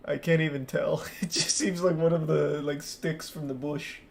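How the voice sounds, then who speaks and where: A man's voice: on the high side, steady tone, normal speed, gravelly. Sarcastic man mocking a video. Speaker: commentator reacting to a video. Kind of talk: casual reaction commentary.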